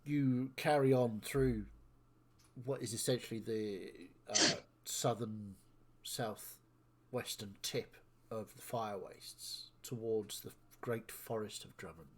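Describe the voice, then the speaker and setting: A man's voice: on the low side, steady tone, takes it slowly, background noise. A man narrating as game master, chatty and descriptive with joking asides.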